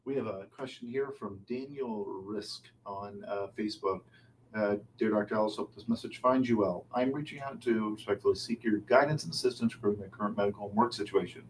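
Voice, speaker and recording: Low-voiced man reading a viewer's question. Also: a little fast, slight background noise, low-quality recording. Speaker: webinar co-host reading questions.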